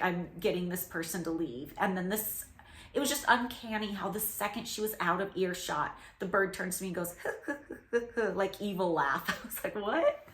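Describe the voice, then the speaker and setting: A woman's voice: mid-range voice, fairly bright tone. A woman hosting a casual reaction commentary on a reality show, telling stories in a chatty way with lots of "like" and easy laughter. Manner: chatty storytelling with frequent "like" fillers and laughter. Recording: roomy echo.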